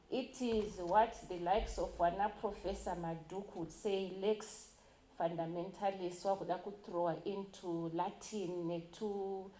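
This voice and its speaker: Woman speaker, mellow tone, emphatic public reading, roomy hall sound. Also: fairly low pitch. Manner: emphatic, stresses key words, mixes in Shona phrases. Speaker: conference speaker. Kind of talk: public talk reading a constitution aloud. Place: university conference hall. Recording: echoey hall.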